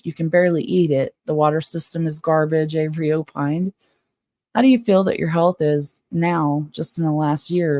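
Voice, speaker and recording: A woman's voice: sits low, warm tone, dry recording, studio quality. Chatty woman hosting a live stream. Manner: chatty, frank, quick to get worked up. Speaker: livestream host. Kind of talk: casual live-stream chat, reading a book aloud.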